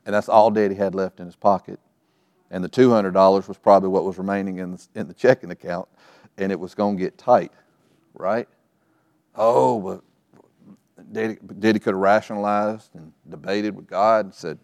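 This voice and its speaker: A low-pitched man preaching in a church, building stories of his own family into his sermon. His voice is close and dry, with little room sound, and he stretches out key phrases for weight. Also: fairly even intonation, moderate pace, pauses often, darkish tone, dry recording. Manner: storytelling preacher, acting out family scenes. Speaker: pastor. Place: church sanctuary.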